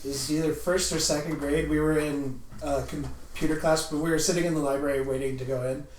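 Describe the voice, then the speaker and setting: A man's voice: fairly high pitch, steady tone, a little fast, darkish tone, far from the mic, a little hiss or hum. A young man with a slightly raised voice joins a casual podcast chat, cracking dry jokes. He sits a little away from the mic in an echoey room. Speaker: podcast co-host.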